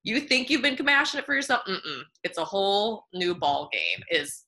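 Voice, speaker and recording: A woman's voice: medium pitch, moderate pace. Bubbly, laughing nutritionist woman. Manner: bubbly, laughs often, animated asides. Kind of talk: casual podcast interview.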